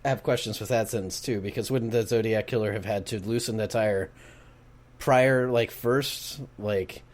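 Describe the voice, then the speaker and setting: Podcast dude chiming in with crude jokes, laughs a lot, chill banter. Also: male voice, lowish voice, moderate pace. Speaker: podcast co-host. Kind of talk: casual chat.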